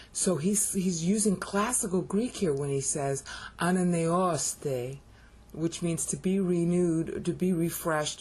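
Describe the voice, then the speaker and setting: Low husky woman teaching casually. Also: a little mellow. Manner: explanatory, keeps checking in with "okay?". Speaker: YouTuber explaining Bible Greek.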